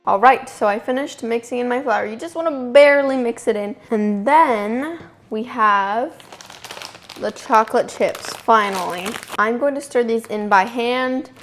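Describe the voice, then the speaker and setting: Soft music plays behind a young woman whose fairly high voice is unhurried. In her kitchen she narrates a casual baking tutorial, talking chattily and laughing at herself as she goes.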